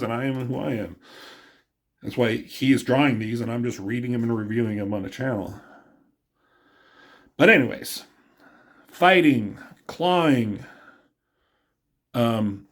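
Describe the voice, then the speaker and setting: A man giving a casual, rambling comic book review, cursing often and talking offhand. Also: lowish voice.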